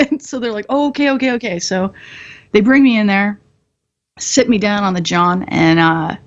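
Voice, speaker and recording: A woman in her thirties, a combat veteran appearing as a podcast guest, speaks in a mid-range voice at a measured pace, with the highs cut off. She candidly tells a hard story, laughing frequently and using blunt, profane humor.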